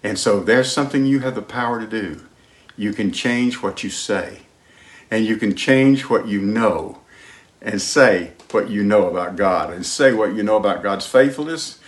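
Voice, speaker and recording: A man preaching a sermon as pastor, emphatic, moving between loud declarations and hushed lines. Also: fairly low pitch, moderate pace. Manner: sings hymn lines.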